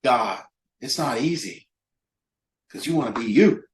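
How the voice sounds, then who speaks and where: A man's voice: medium pitch, lively intonation, a little slow. Emphatic man leading a recovery group. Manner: emphatic, rhetorical, acts out imagined voices. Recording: echoey room.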